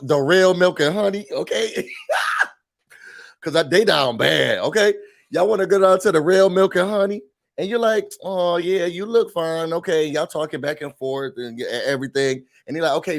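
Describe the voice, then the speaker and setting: A man hosting a casual morning commentary show, chatty and joking, acting out little scenes as he talks. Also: on the high side. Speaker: host.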